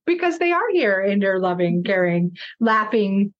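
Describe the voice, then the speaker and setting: A woman's voice: mid-range voice, a little slow. Woman host, chatty n affirming, mid voice, kinda muffled lo-fi sound. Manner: chatty, affirming, laughs easily. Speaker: podcast host. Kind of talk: conversational interview. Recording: dull lo-fi sound.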